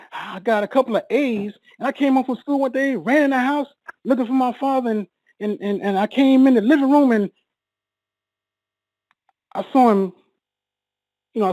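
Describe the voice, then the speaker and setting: A man telling an emotional personal story, halting and repeating words, his voice rising as he relives a moment of panic. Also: extremely high pitch, darkish tone, no echo, low-quality recording.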